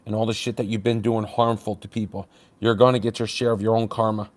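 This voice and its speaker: A man's voice: lowish voice, little pitch movement, fast. A man livestreaming to his chat, ranting bluntly and confrontationally, with sarcastic jabs at viewers.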